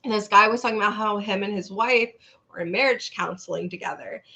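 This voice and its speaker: A woman's voice: medium pitch, brisk, creaky, sharp tone. A young woman co-hosting a podcast, casually retelling a story she saw online, acting out the people in it and swearing freely. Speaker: podcast co-host.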